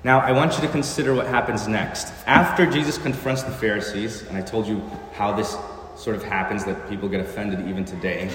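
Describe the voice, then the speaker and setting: A man's voice: lowish voice, steady tone, a little fast, fairly bright tone. A male pastor delivers an earnest sermon and leans on rhetorical questions. His voice rings through a roomy church with a long reverb tail, and a faint hum of ambience sits underneath.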